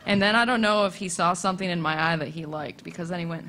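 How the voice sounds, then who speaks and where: A woman's voice: lowish voice, fast. A young woman telling funny stories on a convention panel, laughing often as she goes. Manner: laughing, animated anecdote telling. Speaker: comic creator on a convention panel. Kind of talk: casual storytelling.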